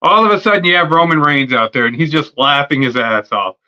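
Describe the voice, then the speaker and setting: In this casual fantasy-booking rant, a man who hosts a wrestling podcast lays out his ideal show alone and off the cuff. His fairly high, fairly quick voice is raised, bright and edgy, full of curses, rambling and filler words. The sound from his streaming mic is dull and lo-fi.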